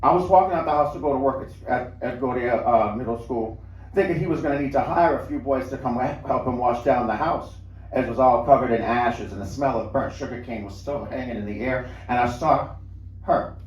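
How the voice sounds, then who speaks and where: A man's voice: mid-range voice, brisk, highs cut off. A man reading a first-person story aloud at a live show in a lounge, in a conversational, storytelling way. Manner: conversational storytelling with small restarts. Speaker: reader. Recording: roomy lounge, mic at a distance.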